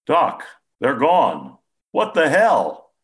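A man voicing a gruff, stoic retired Marine patient who curses bluntly and breaks down in tears. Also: medium pitch, animated, normal speed, a bit bright, voice pushed up, natural voice. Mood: tearful.

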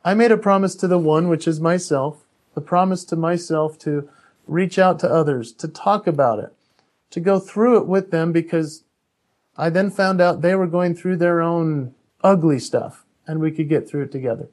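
A man's voice: fairly high pitch, normal speed, a little mellow. A man who is an author and speaker, a podcast guest telling a personal story in an earnest, candid way, often restarting his sentences.

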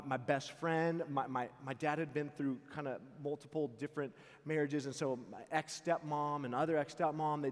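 A young man giving a youth camp sermon, telling a personal story with loud jokes and hushed earnest parts. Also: fairly high pitch. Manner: acts out voices in quotes, repeats words. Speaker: camp speaker. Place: large camp auditorium. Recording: long hall reverb.

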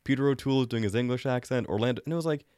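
Man, mid pitch, animated movie talk, laughs often, dry close sound. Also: rapid-fire, clean tone, no echo. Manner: animated, laughing, amused asides. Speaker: podcast co-host. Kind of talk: casual film chat.

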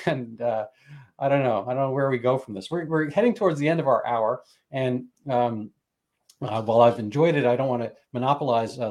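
A man hosting a casual conversation, talking in a halting way with many restarts. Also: mid-range voice, darkish tone. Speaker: host.

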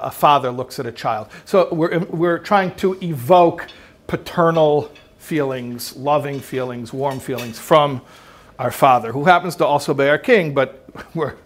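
Male rabbi, mid-range voice, relaxed teaching delivery that turns emphatic on key points. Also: medium pitch. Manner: emphatic, swells and drops in loudness, asks rhetorical questions. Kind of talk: conversational religious teaching.

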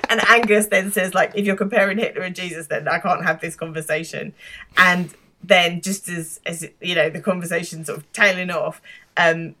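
A woman's voice: fairly low pitch, bright, forceful tone. A British woman co-hosting a podcast, casually retelling a TV episode and laughing as she goes. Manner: laughs often, acts out quoted lines. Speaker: podcast co-host. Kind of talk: casual chat recapping a TV episode.

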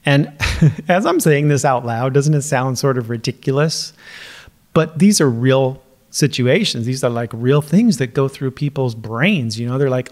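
A man's voice: medium pitch, a little slow, darkish tone. A middle-aged man hosting his own podcast as a coach, talking casually and laughing now and then. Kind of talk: casual solo podcast talk.

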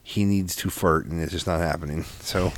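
A man's voice: deep voice, steady tone, normal speed, a little hiss or hum. A young man co-hosting a casual podcast chat, telling stories in a rambling, profane way with many restarts. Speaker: podcast co-host.

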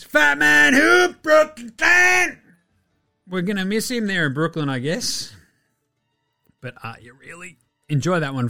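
An Australian man rants through a sports podcast in a profane, mocking style, and his voice swings widely up and down. His pitch sits a bit high for a man. Faint music plays behind him. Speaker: podcast host. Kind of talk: opinionated sports podcast rant.

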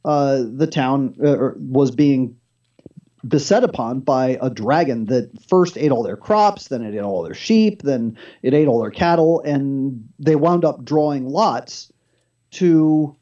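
A man's voice: mid-range voice, takes it slowly, warm tone, dull audio. A man appearing as a talk show guest, telling a story with animation and acting out the dialogue himself.

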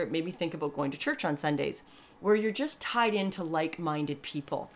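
A woman hosting a podcast, talking candidly and earnestly in a rambling, chatty way full of asides and restarts. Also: lowish voice. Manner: warmly earnest and grateful. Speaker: podcast host. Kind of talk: candid personal monologue.

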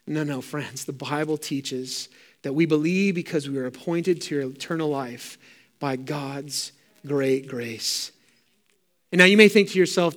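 A middle-aged male pastor preaches a sermon with fervent, emphatic repetition. His voice is notably high for a man, a bit bright, and a little slow.

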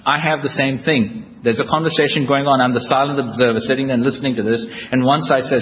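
A man's voice: mid-range voice, fairly even intonation, fast, few pauses, slight background noise. A man giving a humorous, self-deprecating personal recovery talk to a live audience at a convention, telling his story with wry storytelling. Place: large hall with a live audience. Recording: echoey hall, dull lo-fi tape.

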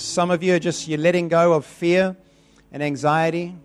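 High-voiced fervent male preacher. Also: normal speed, soft background music. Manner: fervent, repeating phrases for emphasis. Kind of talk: sermon with prayer.

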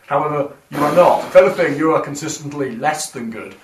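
Casting: game master, rapid, rules-minded, roomy far recording. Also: male voice, on the high side, a little hiss or hum. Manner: quick, explaining rules. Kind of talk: tabletop game table talk. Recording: echoey room, far from mic.

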